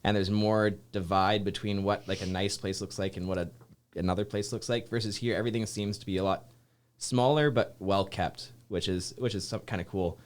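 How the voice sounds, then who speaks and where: A man's voice: fairly low pitch, fairly even intonation, a little fast, smooth. A man from Saskatchewan, a soldier guest chatting casually in a rambling way and acting out quotes. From Saskatchewan, Canada. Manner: rambling, filler-heavy, acts out quotes. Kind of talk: casual interview chat.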